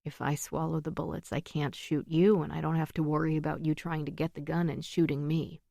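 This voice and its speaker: A woman's voice: sits low, level tone, fairly quick, gravelly, mellow, dry recording, clean studio sound. A woman reading the part of a frightened, self-protective male senator who speaks in a defensive, uneasy way.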